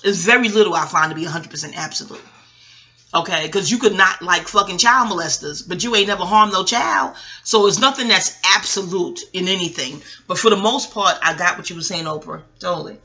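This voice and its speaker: A woman's voice: fairly low pitch, a little fast, pushed and bright. A woman podcast host and astrologer talking in a rambling, digressive chat, swearing freely. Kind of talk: casual chat.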